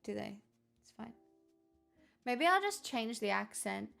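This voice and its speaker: A woman live streamer chatting casually and rambling in a deliberately bad put-on Irish accent, joking and swearing as she talks to chat. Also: on the high side, big pitch swings, creaky, a bit bright, faint music behind.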